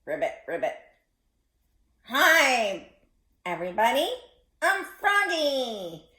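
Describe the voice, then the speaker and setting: A woman voicing a friendly little frog puppet who croaks and answers in short guesses. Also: on the high side, big pitch swings, slow pace, sharp tone, reverberant, pitched above the performer's own voice, heavily acted. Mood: cheerful croaking.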